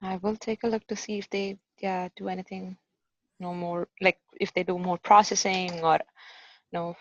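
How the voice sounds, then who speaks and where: A woman presenting her software work in a casual online meeting, hesitant and full of fillers. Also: fairly low pitch, little pitch movement, normal speed, dry recording, dull audio.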